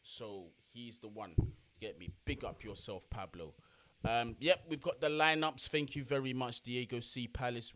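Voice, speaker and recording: Man, young adult, casual live-stream talk, slang-heavy shout-outs. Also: mid-range voice. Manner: chatty slang-filled shout-outs to chat. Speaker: football watch-along streamer.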